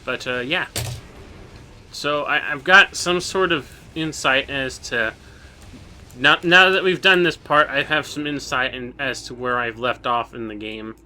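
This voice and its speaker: A man's voice: mid-range voice, measured pace, bright, forceful tone, a little hiss or hum. A young man co-hosting a video game let's play, chatting casually and sounding tired, with stammered restarts. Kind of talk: casual gameplay chat.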